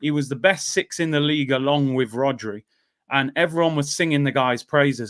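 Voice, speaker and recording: A man's voice: mid-range voice, moderate pace, a bit bright. A man hosting a casual football chat, speaking bluntly and with firm opinions. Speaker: host.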